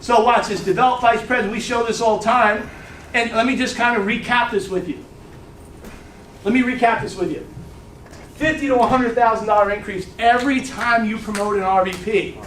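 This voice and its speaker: A man giving a casual, animated business training talk to a group, blunt and swearing freely, often checking in with "right?". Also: extremely high pitch, brisk, a little hiss or hum. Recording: echoey room, mic far off.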